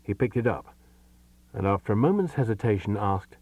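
A man narrating a comic short story as an audiobook, expressive and unhurried. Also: on the low side, no echo, far from the mic.

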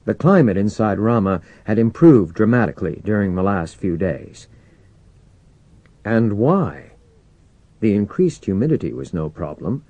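Low-voiced, mellow male audiobook narrator. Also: sing-song, unhurried, dry recording, muffled recording. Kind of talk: scripted narration.

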